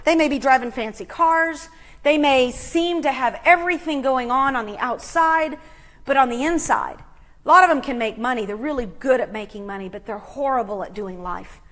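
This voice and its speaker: A middle-aged woman hosting a motivational talk, telling a story with dramatic swings from hushed to loud. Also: high-pitched, normal speed. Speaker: host.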